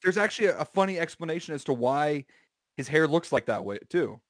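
A man's voice: a little high, lively intonation, dry recording, clean studio sound. Man telling a long story, casual. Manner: drawn-out anecdotes with many fillers. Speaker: podcast co-host.

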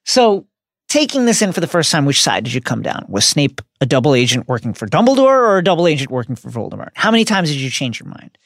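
A man's voice: a little high, very animated, fast, fairly bright tone, no room sound, clean studio sound. A man co-hosting a podcast, giving an emphatic, essay-like delivery. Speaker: podcast co-host. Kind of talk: casual podcast discussion.

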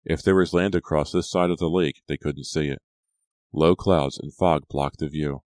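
A man narrating an audiobook in a steady, even storytelling manner. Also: very deep voice, normal speed, no room sound, clean studio sound. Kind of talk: scripted narration.

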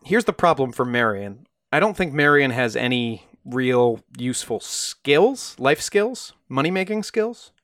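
A man's voice: mid-range voice, sing-song, a little slow, hardly any pauses, a bit bright, no echo, clean studio sound. A man co-hosting a podcast, telling a true crime story in a casual, conversational way and briefly acting out the quoted voices.

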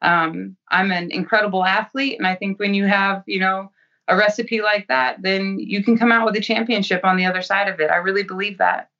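Woman fighter, cocky and profane, bright voice, distant lo-fi audio. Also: mid-range voice, steady tone, fairly quick. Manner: blunt, profane, self-assured. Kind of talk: interview answers.

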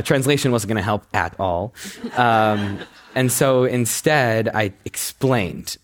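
A young man tells a personal story to a listening audience. His voice sits fairly low, but he jumps up in pitch when he gets excited. He laughs easily and keeps the story moving with energy. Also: a little slow. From United States. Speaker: speaker giving a talk.

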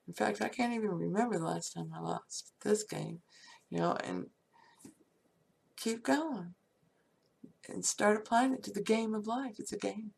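A woman's voice: mid-range voice, unhurried, vocal fry, pauses often, darkish tone, slightly rough. A woman giving a casual, upbeat talk on prayer and feeling, often laughing and dropping into whispers. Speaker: spiritual speaker.

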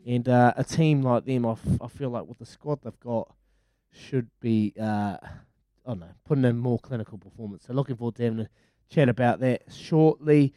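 Upbeat Kiwi breakfast radio host. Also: male voice, medium pitch, normal speed, mellow, clear, resonant tone, dry recording. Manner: upbeat, enthusiastic, hesitant when thinking. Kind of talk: sports talk radio. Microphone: studio mic.

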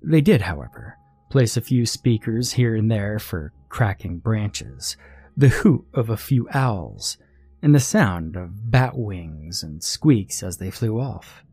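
A man narrating a first-person horror story in a steady, measured storytelling voice. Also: lowish voice, husky, no room sound.

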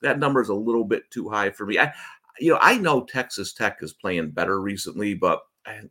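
Host, male, lowish voice, casual rambling betting talk on a video call. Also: lively intonation, fairly quick, sharp tone. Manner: chatty, rambling, frequent restarts. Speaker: sports betting show host.

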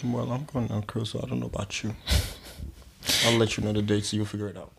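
A woman in casual podcast chat, trading jokes and quick asides. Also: very deep voice, little pitch movement, creaky, breathy edge.

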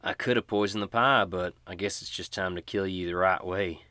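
A man's voice: low voice, moderate pace, bright, forceful tone, no room sound. A man voicing a cold, spiteful female poisoner in a dry, scornful way, in a tabletop game.

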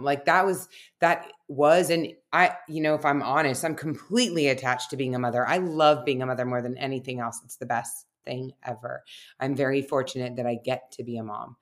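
A woman's voice: rumbling low, fairly even intonation, a little fast. A middle-aged woman, a research scientist guest, talking reflectively on a podcast, telling personal stories with many fillers. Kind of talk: casual podcast conversation.

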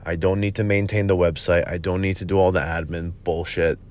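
A man's voice: low voice, fairly even intonation, fairly quick. A man hosting a podcast, talking bluntly in a casual monologue, cursing and calling listeners bro. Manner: blunt, profane, says "bro". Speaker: podcast host, gym owner.

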